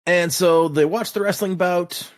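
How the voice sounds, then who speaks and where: In a high-pitched voice and at a measured pace, a man casually recaps book chapters for a podcast's book club chat. He's animated, slipping into playful voices to act out quotes from scenes.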